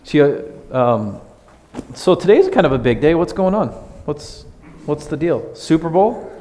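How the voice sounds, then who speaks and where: A man's voice: on the high side, big pitch swings, unhurried, dark tone. A man giving a casual children's sermon in a church, playful and chatty, often asking the kids questions. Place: church sanctuary. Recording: long hall reverb.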